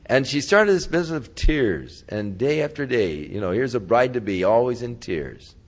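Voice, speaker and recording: A man's voice: mid-range voice, animated, moderate pace. A male pastor telling a story in a casual, folksy sermon style during a weekly Bible study. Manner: casual, folksy retelling with chuckles.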